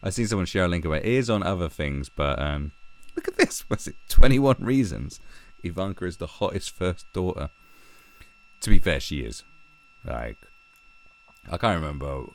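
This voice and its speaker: Sarcastic guy ranting on his vlog, swears a lot, lowish voice that jumps all over. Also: lively intonation, moderate pace, pauses often. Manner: sarcastic, profane, mocking. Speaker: channel host.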